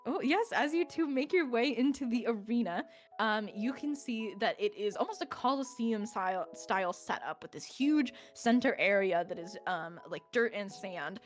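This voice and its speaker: A woman's voice: on the high side, animated, moderate pace. A woman running a tabletop fantasy game as game master, describing scenes at length with frequent "um"s and light laughs. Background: faint background music.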